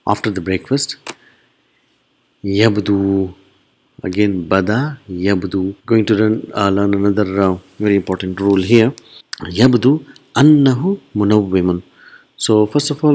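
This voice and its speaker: Man teaching grammar, repeating himself. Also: a little mellow. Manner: explains slowly, repeats phrases, rises in pitch to stress key words. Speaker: Arabic teacher. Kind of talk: online grammar lesson.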